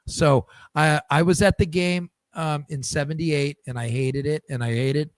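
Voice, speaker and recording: A man's voice: on the high side, steady tone, normal speed, no echo. A man hosting a podcast in casual chat, telling stories with many restarts and repeated words. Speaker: podcast host.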